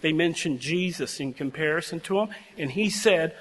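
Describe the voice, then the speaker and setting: An older man with a somewhat high voice gives an earnest, heartfelt address to graduates. His storytelling is emotional, and he sounds close to tears at times. The long reverb of a large chapel trails after his words. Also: moderate pace. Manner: heartfelt, emotional, prone to tearing up. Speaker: guest speaker addressing seminary graduates.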